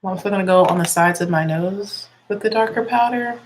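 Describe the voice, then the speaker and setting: A woman's voice: mid-range voice, fairly quick, a little hiss or hum. A young woman with a slightly congested voice, chatting casually through a makeup tutorial and explaining each step as she works. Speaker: music teacher and beauty vlogger.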